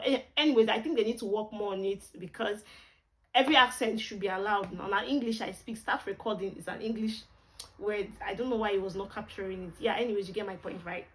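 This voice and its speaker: A woman with a Nigerian accent talks through a gadget review in a chatty, expressive vlog manner. Her voice is bright and forceful, and she drops pidgin exclamations between points. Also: mid-range voice, rough recording. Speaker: vlogger reviewing a camera. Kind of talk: casual product review vlog.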